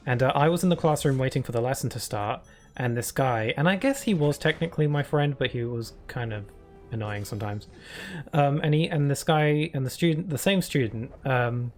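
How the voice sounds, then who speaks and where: A man's voice: medium pitch, a little mellow. A man streaming live, chatting casually through rambling stories full of fillers. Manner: rambling anecdotes with many fillers.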